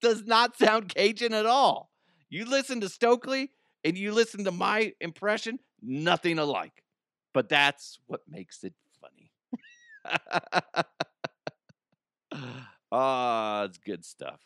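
A man's voice: high-pitched, lively intonation, slow pace, pauses often, fairly bright tone, no room sound, studio quality. A man hosting a podcast, rambling through a casual comedic monologue and laughing at his own jokes. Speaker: podcast host.

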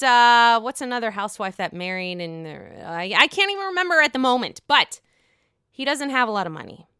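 A young woman chats through a reality-show recap with sass and plenty of swearing, acting out the cast's lines. Her voice is bright and smooth, with lively swings in pitch. The sound is dry and close. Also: no room sound. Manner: gossipy, sassy, swears freely, acts out quotes. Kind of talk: casual chat.

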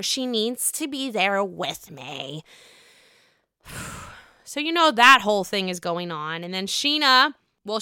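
Bright, clear-voiced woman ranting. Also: medium pitch, no echo, studio quality. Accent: US East Coast. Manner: swearing, animated, sarcastic ranting. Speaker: podcast host. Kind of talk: casual reality-TV recap.

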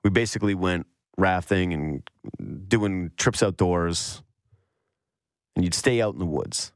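A man from the Yukon, a sports radio host, telling a long personal story in an animated, storytelling way. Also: sits low, takes it slowly, dry recording, studio quality. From Yukon, Canada. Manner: animated storyteller, mocks whiny voices. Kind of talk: storytelling monologue.

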